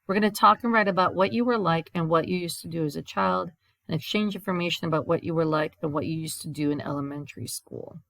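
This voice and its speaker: A woman with a low voice talks through a recorded grammar lesson, explaining each step and reading example sentences aloud before translating them. The sound is dry and close to the mic, with no room around it. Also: fast, gravelly, fairly bright tone, dry recording. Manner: explains step by step, reads examples in Spanish then English. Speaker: Spanish teacher.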